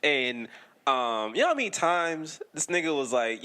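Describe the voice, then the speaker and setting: A young man co-hosting a podcast tells a long story in loose, profane chat. His voice is bright and fairly high, and it swings widely in pitch. He laughs often and keeps checking in with "right?". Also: very animated, measured pace, smooth. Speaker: podcast co-host.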